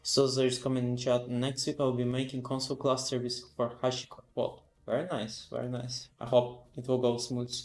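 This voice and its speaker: On a relaxed live-coding stream, a drowsy man yawns while he reads documentation, reacting and thinking out loud through many fillers. He has a medium-pitched voice, delivered completely flat at normal speed with hardly any pauses, and the sound is roomy.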